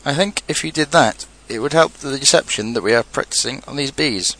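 A man's voice: mid-range voice, brisk, sharp tone, voice pushed up. A man voicing an earnest, anxious little bear in a storybook reading, musing and solemn.

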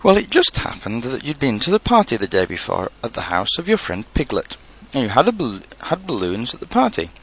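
A man voicing a kind, patient young boy in a storybook reading, asking plain, gentle questions. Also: mid-range voice, huge pitch swings, brisk, hardly any pauses, slight background noise.

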